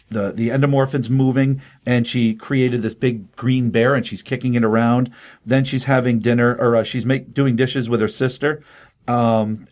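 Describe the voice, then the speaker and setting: A man's voice: medium pitch, a little mellow. Earnest older man reviewing a comic. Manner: earnest, rambling with fillers, emotionally open. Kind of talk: casual comic book review.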